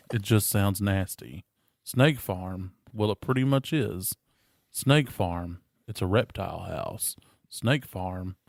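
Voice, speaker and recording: A man's voice: fairly low pitch, a little mellow, dry recording. A man co-hosting a podcast, chatting casually and reading aloud in a dry, mock-serious way, giggling between lines. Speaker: podcast co-host.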